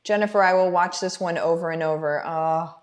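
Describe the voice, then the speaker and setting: A woman's voice: fairly low pitch, fairly even intonation, fairly quick. Fervent motivational woman host. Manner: fervent, preachy, speaks straight to viewers. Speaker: business coach and livestream host. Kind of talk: motivational livestream talk.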